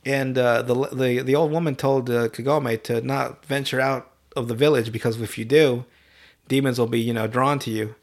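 A man casually recapping an anime on a podcast, swearing often and slipping into quick voices for the characters. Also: mid-range voice. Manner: profane, animated retelling with quick voiced asides. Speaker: podcast host.

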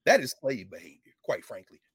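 A middle-aged man, a professor talking politics in an impassioned, preachy way, with mocking quotes and bursts of shouting. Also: medium pitch, huge pitch swings, a little fast, breathy edge, dry recording, clean studio sound. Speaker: professor and show co-host.

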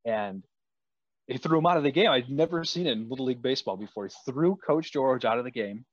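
A man's voice: medium pitch, animated, fast, dry recording, highs cut off. A man hosting a casual chat, telling stories with frequent restarts and repeated words. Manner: storytelling, many restarts.

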